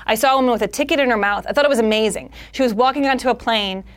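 A woman's voice: on the high side, racing. A woman comedian in a casual interview, talking animatedly and slipping into character voices. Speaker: comedian guest.

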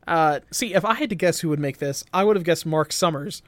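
A man with a slightly high voice, recorded dry and close, co-hosts a comedy podcast. He plays the straight man, asking questions and deadpanning along. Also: a little fast, dry recording.

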